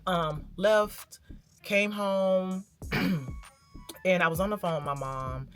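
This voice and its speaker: A woman's voice: on the low side, slow, fairly bright tone. A woman vlogging in a candid, reflective way, telling a personal story and talking straight to her viewers. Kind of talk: candid casual vlog talk.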